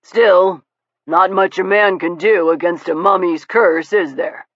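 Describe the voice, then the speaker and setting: A woman voicing a smoothly polite gentleman who calmly needles his rival, measured and courtly, in a dull, lo-fi recording. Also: on the low side, no room sound. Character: suavely polite male visitor, calmly needling.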